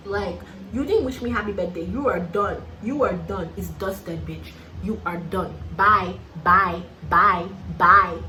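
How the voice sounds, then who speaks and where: A woman's voice: mid-range voice, bright, forceful tone, echoey room, a little hiss or hum, poor audio. A young Nigerian woman with a Nigerian accent, chatting casually and sassily while getting ready, laughing often. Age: young adult. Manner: sassy, playful, laughs often, calls listener "honey". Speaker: YouTuber. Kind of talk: casual get-ready-with-me chat.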